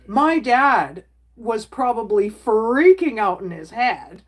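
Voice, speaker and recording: Slow-talking candid woman streamer. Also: on the high side, lively intonation. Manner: candid, talks straight to chat, plain-spoken. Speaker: livestreamer chatting with viewers. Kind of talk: casual livestream chat.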